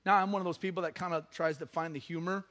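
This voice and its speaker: A man's voice: a little high, steady tone, fast, a bit bright. A middle-aged man giving a conversational sermon as a pastor, joking at times and rising into emphatic bursts.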